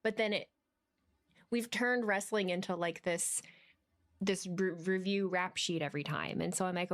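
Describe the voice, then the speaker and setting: A woman's voice: fairly low pitch, moderate pace. A woman co-hosting a casual podcast chat, who rants emphatically and swears. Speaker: podcast co-host.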